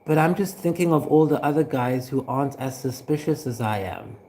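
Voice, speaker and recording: An actor playing a suspicious, aggrieved former teacher who rambles with fillers and chuckles. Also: male voice, medium pitch, fairly quick, dark tone, a little hiss or hum, lightly acted. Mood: rambling aggrieved. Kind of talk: scripted monologue.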